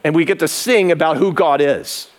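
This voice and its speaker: A man's voice: fairly high pitch, normal speed. A man pastor preaching an emphatic sermon that builds in intensity, in a converted barn used as a church.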